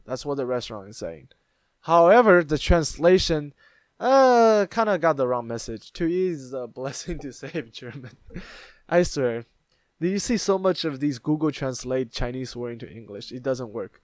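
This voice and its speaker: A man's voice: fairly high pitch, expressive, moderate pace, no echo. A man hosting his own channel, chatting casually as he explains internet memes, with plenty of fillers and restarts. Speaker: YouTube host. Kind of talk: casual meme commentary.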